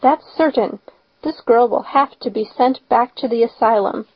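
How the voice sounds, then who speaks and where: A woman voicing a stern, strict older spinster who speaks in a sharp, scolding way. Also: fairly high pitch, moderate pace, husky, no room sound. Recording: slightly dull lo-fi recording.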